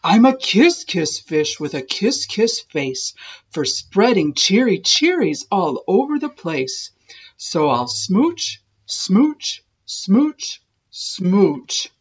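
A woman voicing a glum, resigned male fish in a rhyming children's storybook, with sagging low line endings. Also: very animated, drawn-out words, breathy edge, muffled recording, exaggerated voice. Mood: delighted. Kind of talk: children's storybook read-aloud.

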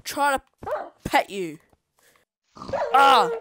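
Excitable woman rambling through gameplay. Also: medium pitch, a little slow, background noise. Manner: excitable, rambling self-talk, swears at the game. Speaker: gameplay video creator. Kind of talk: gameplay commentary.

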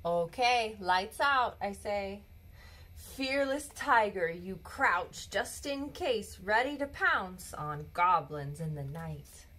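A woman reading a children's bedtime story aloud in a gentle, expressive storybook manner. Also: medium pitch, slow pace.

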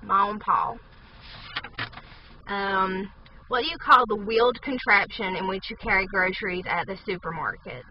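A woman's voice: medium pitch, normal speed, highs cut off, a little hiss or hum. A young woman from southern West Virginia with a strong local accent, chatting casually in a parked car and reading a word list, unsure and full of ums. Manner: unsure, hedging, with many ums. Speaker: vlogger.

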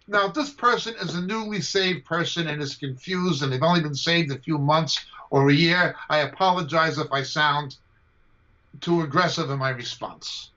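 A combative man lecturing on scripture, his voice high and sharp as he drives each point home and repeats it for weight. It comes through a dull, lo-fi video call line. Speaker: Bible teacher. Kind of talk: emphatic teaching answer to a question.

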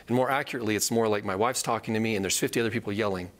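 A man's voice: on the low side, very fast, a bit bright. A man teaching a live Bible study, earnest and repeating key phrases for emphasis.

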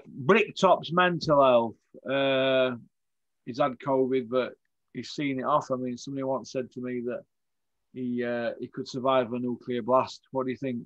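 A man's voice: mid-range voice, steady tone, measured pace, highs cut off. Chatty man hosting boxing talk. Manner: chatty, rambling with restarts and tag questions. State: tired after a long day. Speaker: host. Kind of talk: casual boxing chat.

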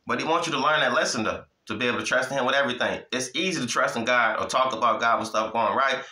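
A man's voice: medium pitch, fast, hardly any pauses, sharp tone, reverberant, low-quality recording. A man giving an informal Bible teaching, preaching in a casual way, often asking "you hear me?" and chuckling. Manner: repeats "you hear me?" and "listen to me", chuckling, conversational.

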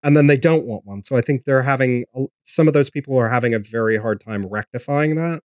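A man's voice: mid-range voice, fairly quick, dry recording, clean studio sound. A man, a podcast host, answering questions in a casual, rambling way, with lots of ums and restarts. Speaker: podcast host being interviewed. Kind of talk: casual conversational interview.

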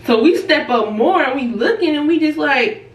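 A woman's voice: high-pitched, moderate pace. Woman telling a story, laughing, far in a roomy space. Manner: animated, laughs while telling, acts out quoted voices. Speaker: vlogger. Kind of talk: casual storytelling. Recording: roomy and a bit distant from the mic.

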